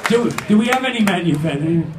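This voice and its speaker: A man's voice: sits high, animated, brisk. Fifty-something male emcee, brash and teasing, recorded from across an echoey banquet hall. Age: 50s. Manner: teasing, loud and joking. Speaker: emcee running stage games. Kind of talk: live stage banter with audience. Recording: echoey hall, distant, crowd noise.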